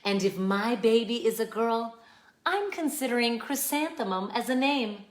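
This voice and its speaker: A woman reading as a gentle, kind schoolteacher. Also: fairly high pitch, lively intonation, normal speed, natural voice. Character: gentle kind female schoolteacher, warm and encouraging. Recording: echoey room.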